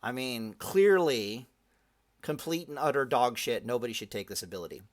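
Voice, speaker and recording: A man's voice: mid-range voice, lively intonation, moderate pace. A man hosting a casual gaming podcast, rambling and swearing freely, often restarting his sentences. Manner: profane, rambling, lots of restarts. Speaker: podcast host.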